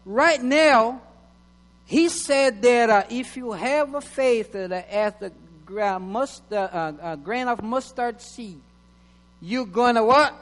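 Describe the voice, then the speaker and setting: A man preaching a sermon in English, which is not his first language, halting with restarts and reading scripture slowly and loudly. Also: high-pitched. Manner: halting, many restarts and fillers. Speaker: pastor. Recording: long hall reverb with mains hum.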